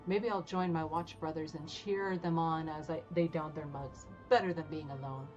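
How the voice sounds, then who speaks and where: A woman voicing a gruff, lonely male town guard and war veteran, reading game dialogue in a wistful way. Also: low-pitched, steady tone, moderate pace, darkish tone, close to an everyday voice. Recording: slightly dull audio with game music.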